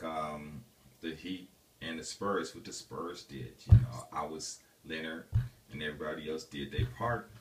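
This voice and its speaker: A man speaks in a very deep, low register as he tells a personal story to his viewers. He rambles and restarts, filling pauses with "um" and "you know". His delivery is casual and animated. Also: far from the mic, very noisy. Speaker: vlogger telling a personal story.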